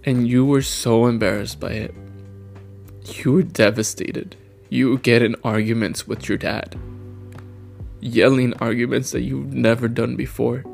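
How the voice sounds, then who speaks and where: A man in his twenties, crying as he speaks earnestly to his younger self, with long pauses. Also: medium pitch, fairly even intonation, vocal fry, darkish tone, faint music behind. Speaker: vlogger.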